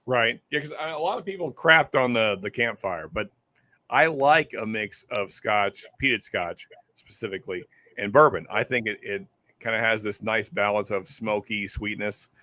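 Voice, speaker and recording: A man with a fairly low voice hosts a casual whiskey live stream at normal speed, sounding easygoing. His tone is pushed and bright, picked up by a close desk microphone with no echo, and he often repeats words as he starts a sentence.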